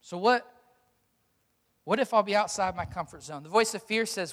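Male pastor, high voice, emphatic sermon, repeated rhetorical questions, long hall reverb. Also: expressive, normal speed, fairly bright tone.

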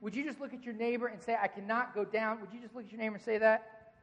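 Preacher giving a sermon, chatty and jokey, talks right to the crowd, mid pitch, lots of church hall echo. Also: fairly even intonation, fast talker, dull audio, a little hiss or hum. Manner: conversational and joking, engages the congregation directly. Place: church sanctuary.

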